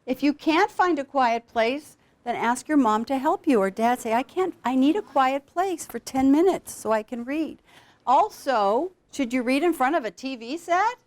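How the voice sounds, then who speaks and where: Animated woman teaching a class. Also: sits high, moderate pace. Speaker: literacy program founder teaching students. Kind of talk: classroom instruction with a read-aloud.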